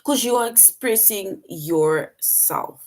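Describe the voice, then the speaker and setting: In a mid-range voice with lively intonation, a young woman takes it slowly while teaching children grammar online. She explains patiently and step by step, dramatizing the example sentences.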